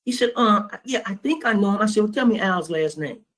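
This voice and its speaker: Man, high-pitched, streetwise trading instructor, blunt storyteller. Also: expressive, brisk, a bit bright. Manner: streetwise, blunt, profane, quotes both sides of a phone call. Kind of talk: storytelling lecture to students.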